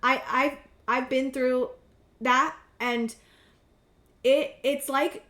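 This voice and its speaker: A woman in her thirties giving a casual tarot reading to camera, earnest and halting, often repeating words. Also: high voice, steady tone, sharp tone. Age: 30s. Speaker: tarot reader. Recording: roomy echo.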